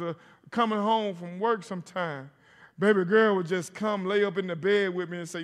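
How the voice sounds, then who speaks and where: Preaching in a church sanctuary, a middle-aged man delivers his sermon at normal speed in a high-pitched voice with fairly even intonation. He works in stories and calls out to the congregation, all under a long hall reverb.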